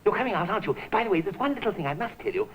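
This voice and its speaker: A caddish middle-aged charmer, full of clipped, jaunty patter. His voice leaps up and down with lively swings of pitch. It comes through a hissy old television soundtrack. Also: rapid-fire, vocal fry, exaggerated voice, low-quality recording. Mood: breezy, scheming. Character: caddish middle-aged English ladies' man, breezy schemer. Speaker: comic lead. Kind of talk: 1960s studio sitcom acting.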